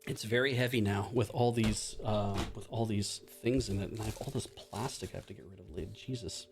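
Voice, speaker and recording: A man with a lowish, gravelly voice hosts a livestream, talking fairly quickly over a slight hiss or hum. He chats and rambles as he unboxes things and plays games, with self-deprecating jokes and an occasional curse.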